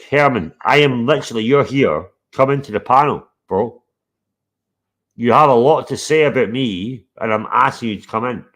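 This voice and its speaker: A man's voice: medium pitch, fairly bright tone. A man hosting a live stream, talking bluntly and confrontationally, swearing a lot. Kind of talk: heated live stream chat.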